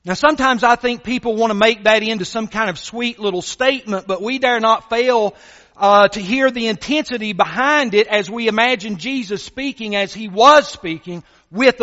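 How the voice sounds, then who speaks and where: High-voiced preacher man in echoing hall. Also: bright, forceful tone, highs cut off. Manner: emphatic, rhetorical questions to the congregation. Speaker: pastor. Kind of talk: sermon.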